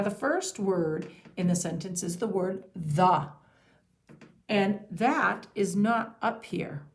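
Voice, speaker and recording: A woman teacher giving a patient phonics and handwriting lesson to young children, sounding out each letter slowly. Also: mid-range voice, a little mellow.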